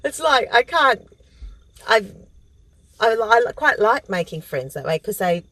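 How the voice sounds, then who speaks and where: A woman with an Australian accent, chatting as a guest comedian in a casual interview, self-deprecating and quick to laugh. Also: mid-range voice, big pitch swings, pushed and bright, low-quality recording.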